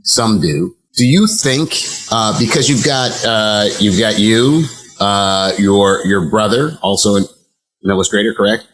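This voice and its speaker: A man hosting an interview, asking questions slowly and haltingly, with restarts and fillers. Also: fairly low pitch, lively intonation, a bit bright, rough recording. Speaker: interview host.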